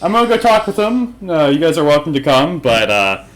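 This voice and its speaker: Casting: a man playing a friendly, laid-back male wizard of wood magic in a tabletop game, voiced a bit higher than the player's own talk, loose and unhurried. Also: very animated. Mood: easygoing.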